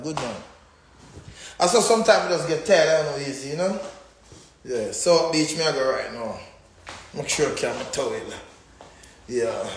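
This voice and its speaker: A man's voice: on the high side, roomy sound, slight background noise. A man doing rowdy, profane live-stream banter, full of boasts and laughter.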